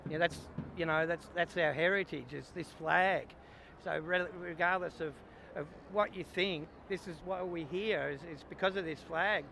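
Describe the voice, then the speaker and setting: A man's voice: a little high, moderate pace, creaky, sharp tone, a little hiss or hum. An Australian man at a street rally answering interview questions, earnest and repetitive, often saying "mate". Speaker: rally participant. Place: outdoors at a city street rally.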